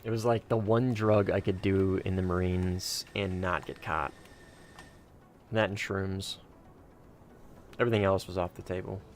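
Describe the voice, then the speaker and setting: A man's voice: deep voice, fairly even intonation, a little slow, pauses often, a little hiss or hum. A tired man chatting casually with friends while gaming late at night, laid-back and joking, swearing freely. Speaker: gamer playing with friends on voice chat. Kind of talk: casual gameplay chat.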